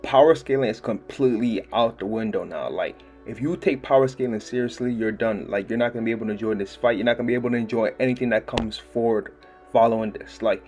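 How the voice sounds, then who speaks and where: A young man talks through a comic chapter in a loose, excited, slangy way, laughing as he goes. His voice sits at an ordinary middle pitch. Faint music plays behind him. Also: fast. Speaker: manga chapter reviewer. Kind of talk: casual video review.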